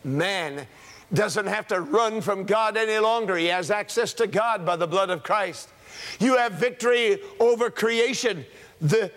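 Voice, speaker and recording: A high-pitched male preacher delivers an emphatic sermon, driving his points home with repeated phrases that climb and fall. His voice carries a long, lingering reverb from a large hall. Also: fairly bright tone. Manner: emphatic, repeats key phrases in rising cadences.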